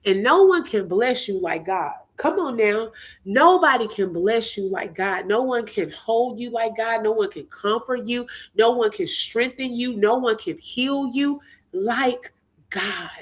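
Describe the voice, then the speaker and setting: A woman's voice: fairly high pitch, expressive, unhurried. A woman hosting a livestream, speaking with a preaching cadence, laughing through tears. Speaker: livestream host. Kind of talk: emotional faith-filled livestream talk.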